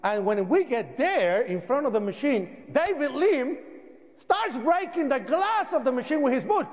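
Animated Puerto Rican man in a hall. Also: very high voice, unhurried, highs cut off. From Puerto Rico. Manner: animated, acts out voices in his story. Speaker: speaker. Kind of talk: public storytelling speech.

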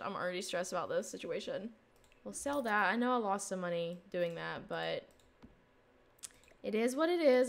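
A young woman giving casual let's play commentary on a life-sim game, reacting excitedly and dramatically to what happens on screen. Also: mid-range voice. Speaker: gaming YouTuber.

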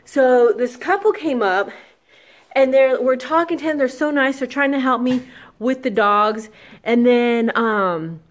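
A young woman chatting excitedly in a casual vlog, telling stories as she moves around her home and yard. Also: sits high, a little slow. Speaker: vlogger and makeup artist.

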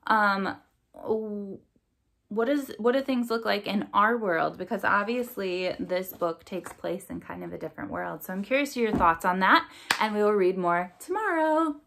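A woman reading a chapter book aloud in a steady storytelling voice, with a middle pitch. She closes in a friendly, chatty way, asking her listeners questions. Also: moderate pace, gravelly, a little hiss or hum. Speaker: storybook reader.

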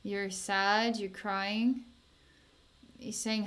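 A woman guiding an energy healing session at an unhurried, drawn-out pace. Her voice is soft and soothing, with sighs and small laughs between phrases. Her pitch sits in a middle range for a woman. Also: fairly even intonation. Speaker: psychic healer.

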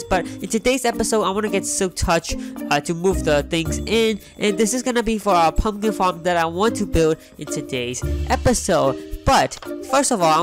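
A young man hosting a Minecraft let's play, talking in an excitable, rambling way. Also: high-pitched. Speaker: gaming channel host.

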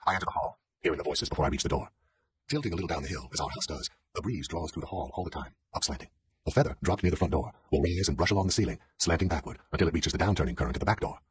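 A man narrating a literary novel as an audiobook, reading in a measured, brooding way. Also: a bass voice, a little hiss or hum.

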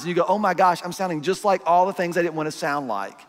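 A man's voice: sits high, very fast, hardly any pauses, in a large hall, soft background music. A middle-aged man preaching a conversational sermon, acting out parents and children as he goes. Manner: conversational, acts out parents and kids in asides. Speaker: pastor. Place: church auditorium.

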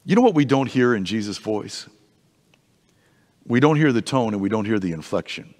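A man teaching an adult Bible class in a church, conversational and animated, often restarting his sentences, in a reverberant hall. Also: lowish voice, moderate pace.

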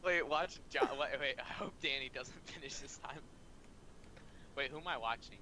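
A man's voice: medium pitch, normal speed, sharp tone, a little hiss or hum. A young man gaming with friends, talking in a dramatic, playfully indignant way. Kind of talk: casual gaming chat with friends.

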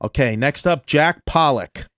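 A man's voice: a little high, unhurried, a bit bright, no room sound. A man co-hosting a comedy podcast, reading out names and prompting with short, dry questions. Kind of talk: casual comedic banter.

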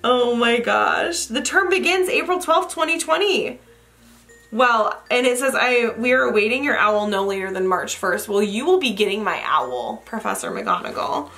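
A young woman chats excitedly as she opens gifts, gushing and laughing often. Her voice sits a little high and rings bright and forward. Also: normal speed. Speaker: vlogger opening fan mail. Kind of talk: casual unboxing chat.

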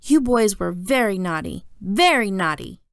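A woman's voice: mid-range voice, sing-song, a little slow, gravelly, clear, resonant tone, dry recording, studio quality. A woman voicing a stern, devout babysitter who scolds and preaches in a storybook reading. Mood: scolding.

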